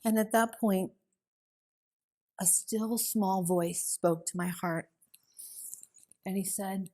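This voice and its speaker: A woman's voice: mid-range voice, fairly even intonation, slow, long pauses, darkish tone. Earnest woman sharing a testimony. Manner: earnest storytelling, emotional. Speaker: conference speaker. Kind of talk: personal testimony. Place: conference hall.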